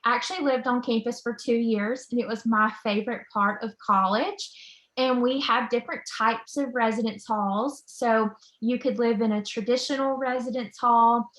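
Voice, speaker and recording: Speaking at a moderate pace, this woman has a fairly high, fairly bright voice with fairly even intonation. She works in college admissions and is presenting information over a video call, enthusiastic and upbeat, with plenty of "um" fillers. The room echoes.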